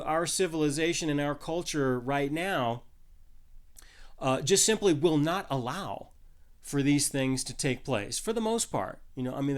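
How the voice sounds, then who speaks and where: A man's voice: on the high side, smooth. A man preaching a Bible teaching, talking loosely with many restarts and little laughs at his own jokes. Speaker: pastor. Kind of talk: sermon.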